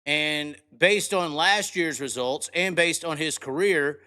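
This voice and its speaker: Guy hosting a racing show, loud brash rants, cussing a lot, bright forceful voice, pitched a bit high. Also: takes it slowly. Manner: brash, profane, excitable rants. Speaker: podcast host. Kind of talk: casual live show commentary.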